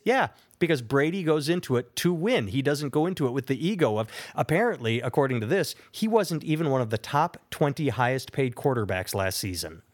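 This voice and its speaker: A man co-hosting a podcast in casual chat, ranting with opinions and mocking quotes. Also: medium pitch. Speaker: podcast co-host.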